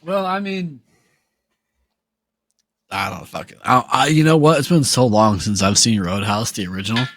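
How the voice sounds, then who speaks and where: A man's voice: medium pitch, lively intonation, moderate pace, long pauses, a bit bright. A man chatting on a podcast, swearing freely, laughing a lot and acting out scenes in loose retellings. His voice sits mid-range and sounds close and dry, with no room echo. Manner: profane, laughing, acts out movie scenes. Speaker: podcast co-host. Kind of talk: casual podcast chat.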